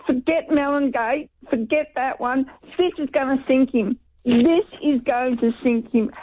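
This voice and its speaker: Woman caller, very upset, high voice, slow talk, tinny phone line. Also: fairly even intonation, no echo. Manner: upset, emotional, repeats phrases. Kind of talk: talkback call.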